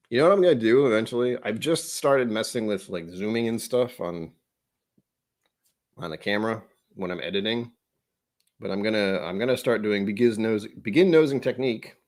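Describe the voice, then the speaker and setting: Guy doing a whiskey tasting vlog, rambly and jokey, voice bounces around a lot. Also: fairly low pitch. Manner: rambling, self-deprecating, chatty asides. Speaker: whiskey vlogger. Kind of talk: casual whiskey tasting chat.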